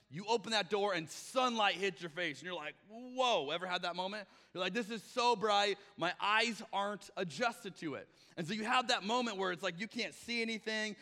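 Man, pastor, conversational sermon, bright voice, slightly high pitch, long hall reverb. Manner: conversational, acts out quoted voices.

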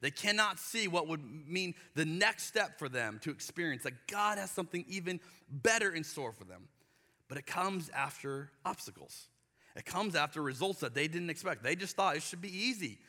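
Male pastor, thirties, lively sermon delivery with acted-out asides; bright tense tone, recorded live in a reverberant church hall. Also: on the high side, normal speed. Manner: animated storytelling, acts out voices with exaggerated emphasis.

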